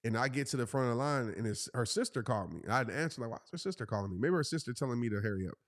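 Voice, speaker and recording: A man, telling a story in a casual, animated way and jumping into high voices for the people he quotes. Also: racing, dry recording, studio quality. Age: 30s. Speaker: host.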